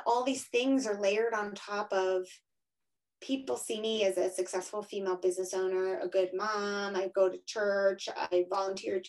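A woman in her thirties or forties talks openly in an interview, her voice mid-pitched and conversational. She is frank and emphatic and keeps checking in with a quick "right?". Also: rough recording.

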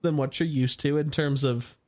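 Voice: medium pitch, normal speed. A podcast co-host talking casually with wry jokes and asides. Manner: wry, expressive, joking asides. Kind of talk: casual podcast review chat.

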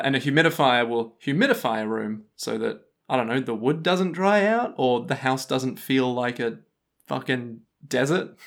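A young man co-hosting a casual podcast, rambling through anecdotes, laughing often and swearing casually. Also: mid-range voice. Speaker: podcast co-host.

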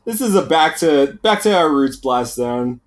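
A man's voice: a little high, unhurried. A man co-hosting a podcast, telling rambling, complaining stories in casual chat. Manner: rambling, complaining, animated storytelling. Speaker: podcast co-host.

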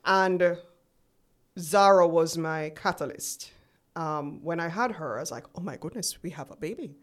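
A woman in her forties speaks as an interview guest, her voice sitting somewhat low. She tells her story in a relaxed, chatty way and slips into the voices of the people she remembers. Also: normal speed. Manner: chatty, acts out remembered dialogue. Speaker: guest entrepreneur.

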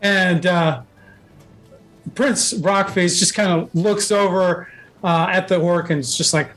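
Man, game master, high voice, rambling narration with fillers. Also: steady tone, slow, a bit bright, soft background music. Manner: rambling, with many fillers and restarts.

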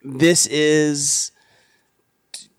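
A man playing along as a quiz contestant, joking around and laughing often in an animated way. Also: fairly high pitch, very slow, smooth, no echo, clean studio sound. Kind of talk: casual podcast chat.

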